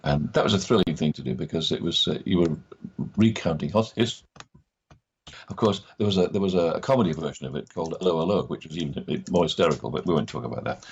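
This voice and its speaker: A very deep, husky older man with a Scottish accent spins anecdotes for an interviewer, slipping into the voices of people he quotes. The recording is dull and lo-fi. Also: fast. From Scotland. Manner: acts out quoted voices in his stories. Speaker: actor guest.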